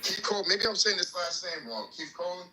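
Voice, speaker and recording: A man speaking casually in a hesitant, offhand, low-key way. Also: animated, brisk, sharp tone, reverberant. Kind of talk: casual chat.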